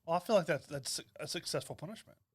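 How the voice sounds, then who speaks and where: A man's voice: on the high side, fast, slightly rough, no echo, studio quality. A man co-hosting a podcast in casual chat, amused, laughing often and asking short questions. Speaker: podcast co-host.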